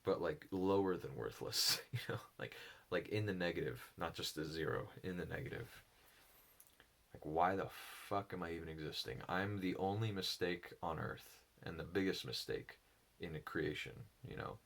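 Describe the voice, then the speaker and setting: Low, slow, reflective man. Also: vocal fry, a bit bright. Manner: halting, thoughtful, with pauses and restarts. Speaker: solo speaker on personality psychology.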